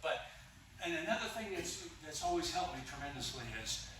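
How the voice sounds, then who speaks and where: A man's voice: on the high side, animated, a little fast, pushed and bright, a little hiss or hum. A man teaching self-defense in a casual, rambling way, full of fillers and asides. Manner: rambling and folksy, many fillers. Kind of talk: casual instructional talk during a demonstration. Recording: very echoey room audio, distant from mic.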